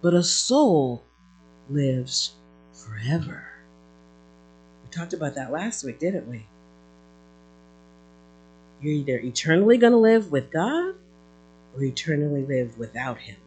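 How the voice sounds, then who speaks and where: An animated preacher delivers a sermon, the voice swooping up and down on key words. Phrases restart and repeat as the thought builds, with quick call-outs to the listeners. The pitch sits mid-range and moves a great deal. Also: rough recording. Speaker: pastor.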